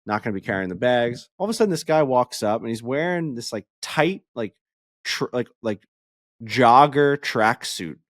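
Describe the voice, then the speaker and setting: A man co-hosting a podcast, telling a story in casual chat, animated and profane, acting out the people he quotes. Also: medium pitch, normal speed, dry recording, studio quality. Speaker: podcast co-host.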